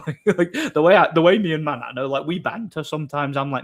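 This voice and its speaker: A man's voice: fairly high pitch, expressive, fast. A man chatting casually on a live stream, opinionated and rambling, often repeating words as he thinks. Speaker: streamer host. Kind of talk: casual chat answering viewers.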